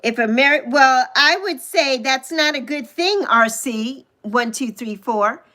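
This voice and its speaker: A woman in her sixties hosting a casual livestream, chatting with viewers and gushing over them with drawn-out coos. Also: high voice, pushed and bright. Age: 60s. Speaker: livestream host. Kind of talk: casual livestream chat reading viewer comments.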